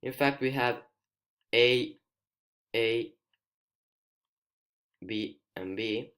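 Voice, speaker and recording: A male student with an Italian accent, a native Italian speaker, explaining a poem in a screencast lesson, careful and hesitant, pausing to find his words. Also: medium pitch, a bit bright. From Italy.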